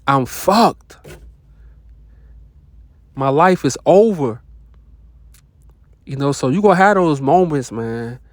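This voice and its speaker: A man talks in a loose, unscripted monologue, blunt and profane, dropping slang and brief laughs between his points. His voice sits at an ordinary middle pitch. The sound is dry and close, with no room echo. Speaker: self-help vlogger. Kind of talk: casual motivational monologue.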